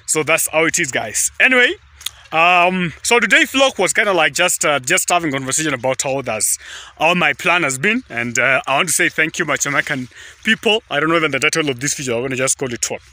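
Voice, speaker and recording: A young man with an East African accent talks to his viewers in a loose, chatty way, filming himself outdoors by a highway. His voice sounds very bright and sits a little high, and he keeps circling back to "guys" and "just". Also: lively intonation, fairly quick. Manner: chatty, repetitive, often says "guys" and "just". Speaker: vlogger. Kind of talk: casual rambling vlog talk. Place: outdoors beside a highway at sunset.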